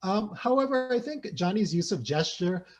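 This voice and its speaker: A man presents his research in a lecture over a video call. His voice sits a little high for a man. He thinks aloud as he goes, tagging points with "right?" and filling pauses with "you know". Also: animated, lo-fi sound. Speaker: sociolinguistics researcher presenting a talk. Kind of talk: academic lecture.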